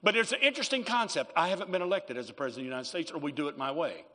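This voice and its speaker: Fervent preacher, high bright voice. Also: male voice, very fast, in a large hall. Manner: emphatic preaching with call-and-response. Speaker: pastor. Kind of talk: sermon. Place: church.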